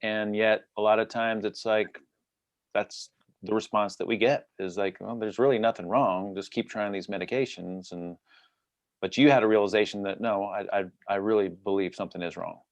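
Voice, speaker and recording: A man's voice: on the low side, fairly even intonation, moderate pace, dry recording. A man in his forties hosting an interview, earnest and affirming as he reflects on his guest's story. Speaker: host. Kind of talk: casual interview conversation.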